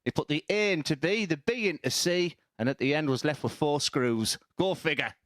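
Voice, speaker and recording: A man's voice: fairly high pitch, moderate pace, a bit bright, dry recording. A man commentating on a darts match with playful, teasing banter. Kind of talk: jokey sports commentary.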